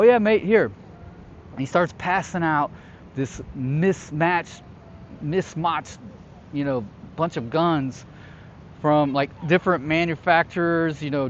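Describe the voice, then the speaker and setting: A man's voice: a little high, slight background noise. Man telling a war story, lo-fi. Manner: conversational, checks in often with the listener. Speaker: host recounting his past as a security contractor. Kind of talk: casual storytelling to camera. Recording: slightly dull, lo-fi sound.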